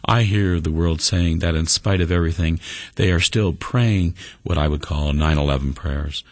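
Deep gravelly preacher man. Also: no echo. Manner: earnest, folksy, with light jokes. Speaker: pastor. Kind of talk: radio sermon.

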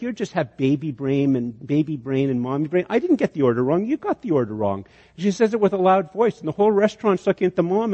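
A man preaching in a large hall with a long reverb trailing each phrase. His voice sits a little high yet sounds mellow and relaxed, and the recording is muffled and lo-fi. He tells his story with frequent restarts, rising to emphatic peaks. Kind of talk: sermon.

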